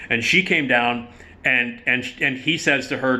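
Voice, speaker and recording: A man telling a casual, profane theater story, animated and quick to laugh. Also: medium pitch.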